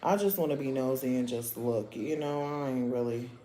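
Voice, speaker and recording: A woman hosting a casual livestream, chatting in slang and often breaking into loud laughter. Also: extremely low pitch, moderate pace, echoey room. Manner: gossipy, bursts into loud laughter; chatty, slangy, talks while doing her nails. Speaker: livestream host.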